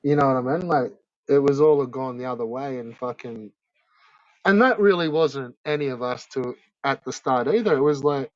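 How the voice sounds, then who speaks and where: A man's voice: mid-range voice, normal speed, no echo, lo-fi sound. A man streamer in casual chat, laid-back and rambling, with casual swearing.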